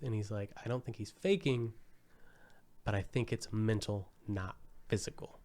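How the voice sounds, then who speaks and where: A man's voice: fairly low pitch, measured pace, a little mellow. Man animatedly retelling a film plot. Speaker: podcast co-host. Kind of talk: casual film chat.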